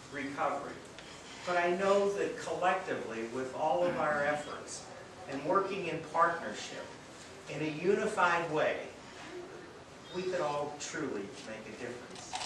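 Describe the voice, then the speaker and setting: A man with a somewhat higher voice tells heartfelt stories to a gathering, slipping in gentle jokes about himself. He sounds far from the mic, with heavy echo and audible background noise around him. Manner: earnest storytelling with light self-deprecating humor. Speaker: treatment center director giving a speech. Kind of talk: public speech at a charity event. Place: event venue, indoors or under a tent. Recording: very echoey, distant from mic, noisy.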